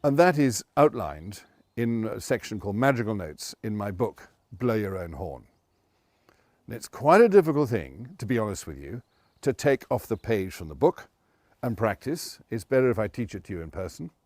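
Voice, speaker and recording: A man's voice: fairly low pitch, moderate pace, no room sound. A man, a presentation coach giving conversational advice straight to camera. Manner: conversational, animated, with quoted asides.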